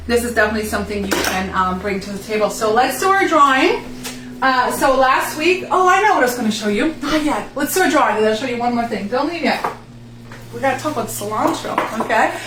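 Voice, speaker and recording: A woman's voice: sits high, background noise. A woman hosting a casual live cooking demo from her home kitchen, chatting and asking viewers if they agree. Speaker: home cooking show host selling kitchen products. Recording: echoey room, far from the mic.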